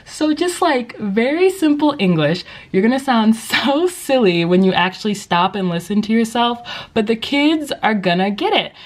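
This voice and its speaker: A woman's voice: medium pitch, expressive, moderate pace, few pauses. A young woman who teaches English, giving casual advice in a vlog, chatty and upbeat with lots of likes and you-knows. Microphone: compact vlogging camera.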